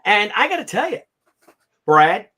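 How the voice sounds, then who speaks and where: A man in his fifties hosting a casual livestream, ranting in an animated, sarcastic and profane way. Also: high voice, measured pace, husky. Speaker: comic artist hosting a livestream.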